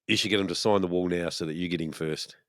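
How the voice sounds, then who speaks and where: A man's voice: low-pitched, steady tone, fast, no room sound, clean studio sound. A man co-hosting a podcast, teasing wryly in casual banter and often trailing off. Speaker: podcast co-host. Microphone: studio microphone.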